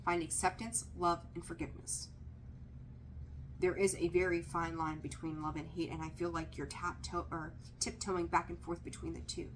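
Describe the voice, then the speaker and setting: A woman's voice: lowish voice, flat delivery, normal speed, a little hiss or hum. Emphatic woman giving a tarot reading. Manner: direct and emphatic, repeats key phrases; candid, mildly profane asides. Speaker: tarot reader. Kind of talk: casual tarot reading to camera.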